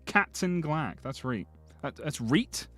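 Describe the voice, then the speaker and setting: Soft music plays in the background as a man with a voice on the high side speaks slowly. Browsing game screenshots on a live stream, he's chatty, jokey, and lively with his chat.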